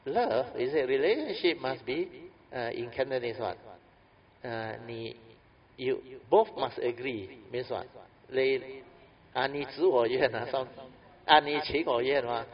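A man's voice: mid-range voice, measured pace. A man giving a Buddhist Dhamma talk, telling a story in a chatty, anecdotal way with tag questions and fillers. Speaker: Buddhist teacher. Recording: dull lo-fi recording.

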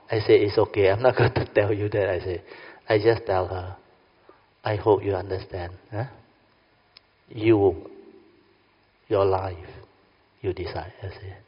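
A man's voice: lowish voice, husky. A man, a Buddhist teacher telling a story in a dharma talk and acting out both sides of a conversation. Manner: animated, acts out dialogue, keeps asking "understand?". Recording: dull lo-fi sound with long hall reverb.

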